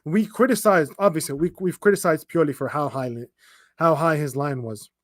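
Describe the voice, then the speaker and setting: A high-pitched young man hosts a football watchalong, venting his frustration in rapid, stumbling bursts full of restarts and curses. The sound is dry and close, with no room around it. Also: no echo. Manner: exasperated, fast ranting with frequent restarts and swearing. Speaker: fan commentator reacting to a live match. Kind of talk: livestream watchalong rant.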